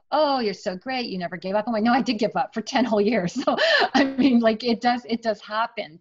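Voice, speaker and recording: A middle-aged woman, an author, telling the story of her writing career in a chatty, animated way during an interview. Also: on the high side, lo-fi sound. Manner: chatty, animated, emotional at times. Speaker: author guest.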